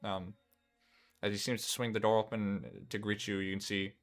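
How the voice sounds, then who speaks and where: A man's voice: fairly low pitch, flat delivery, moderate pace, soft background music. A man narrating a tabletop game as game master, rambling with fillers and restarts as he describes scenes.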